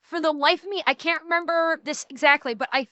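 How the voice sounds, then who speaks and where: A woman's voice: high-pitched, fairly quick, bright, forceful tone, dry recording, muffled recording. A woman streamer giving casual reaction commentary, emphatic and ranting, swearing often and swinging between mocking and serious.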